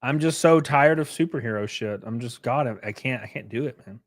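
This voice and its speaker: Profane, rambling man streaming. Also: brisk. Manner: loose and profane, lots of fillers, jumps between topics; animated, pitch jumps up sharply on bits. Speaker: streamer reading chat. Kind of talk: casual livestream chat.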